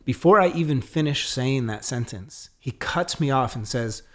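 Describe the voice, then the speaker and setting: Man, podcast guest, casual storytelling, animated, acts out dialogue, middle pitch. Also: moderate pace. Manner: frequent fillers and restarts.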